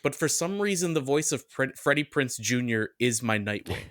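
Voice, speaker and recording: A man's voice: medium pitch, expressive, moderate pace, fairly bright tone, no room sound, studio quality. A man co-hosting a podcast in casual chat, eager and full of fillers like "like". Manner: enthusiastic, lots of "like". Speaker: podcast co-host.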